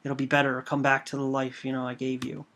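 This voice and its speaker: A man voicing a menacing tempter who pushes pills, quoting him in a flat, halting way. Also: mid-range voice, lightly acted. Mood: pressuring. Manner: flat, hesitant, halting delivery.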